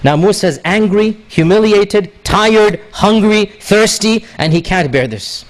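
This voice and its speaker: A man preaching, retelling a story with animated delivery and frequent rhetorical questions. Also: high-pitched, a little slow. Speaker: religious teacher. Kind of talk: sermon storytelling.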